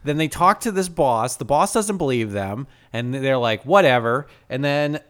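A man's voice: mid-range voice, lively intonation, moderate pace, fairly bright tone, smooth. A man co-hosting a casual movie podcast, sarcastically retelling scenes and acting out the characters' lines with frequent laughter. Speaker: podcast co-host. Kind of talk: casual movie recap chat.

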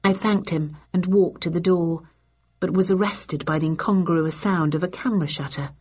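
A woman narrates a first-person audiobook in a low, husky voice. She keeps a dry, measured storytelling pace. The sound is dull and lo-fi. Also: steady tone, darkish tone.

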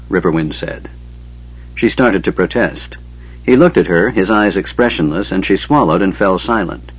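Male fantasy audiobook narrator, measured, husky, lo-fi sound. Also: sits low. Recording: dull lo-fi audiobook recording.

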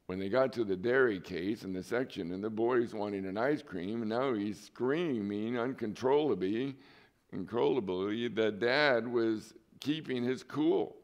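A man preaching a sermon as pastor. He tells a story in a relaxed, conversational way, with asides to his listeners. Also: fairly low pitch, slow pace. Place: church.

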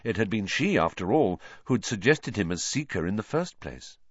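A man narrating an audiobook in a lively, expressive storytelling manner. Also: on the low side, moderate pace, breathy edge, no echo. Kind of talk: scripted narration. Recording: dull lo-fi dry recording.

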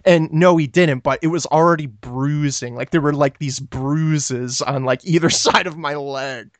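A man's voice: on the high side, unhurried, no echo. A man co-hosting a casual podcast, rambling with lots of fillers as he tells stories and answers listener questions. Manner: rambling, filler-heavy storytelling. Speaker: podcast co-host.

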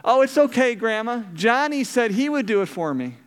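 A man's voice: extremely high pitch, sing-song, normal speed, clear, resonant tone, pitched above the performer's own voice. A man putting on a sly, sweet little girl. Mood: falsely sweet. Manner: sweetly sly, falsely polite. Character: sly young girl, smug little sister.

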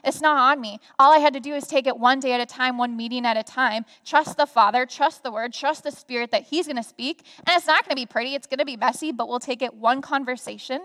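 Young woman, high voice, lively chatty storyteller with lots of fillers, big reverberant room. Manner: animated storytelling with many fillers. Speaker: guest speaker. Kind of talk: conversational sharing on a church stage. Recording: reverberant hall sound.

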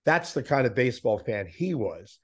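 An older man spins a sports-media anecdote in a relaxed interview, slipping into the voices of the people he quotes. His pitch sits in an ordinary middle range as he builds the story toward its punchline. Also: moderate pace. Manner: animated anecdote teller, acts out quoted voices. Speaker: interview guest, veteran sports broadcaster. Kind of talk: casual storytelling in a podcast interview.

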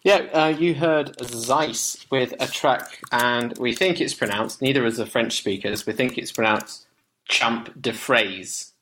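A man's voice: medium pitch, unhurried, hardly any pauses, a bit bright, a little hiss or hum, rough recording. A man co-hosting a music podcast in casual chat, chatty and self-mocking, often laughing.

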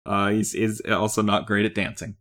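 A man's voice: fairly low pitch, moderate pace. A man co-hosting a casual podcast about a film, talking in a wry, joking way. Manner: lively, wry, deadpan jokes. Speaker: podcast co-host.

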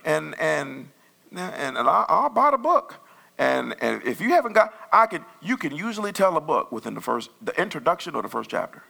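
A man preaching a sermon as pastor, talking in a loose, conversational way with sudden loud bursts. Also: sits high, sing-song, fairly quick, vocal fry.

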